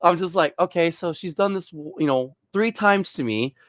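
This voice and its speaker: A man's voice: a little high, normal speed, no room sound. Young male storyteller, raised voice, rambling and chuckly, dry close sound. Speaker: bartender. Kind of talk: casual storytelling.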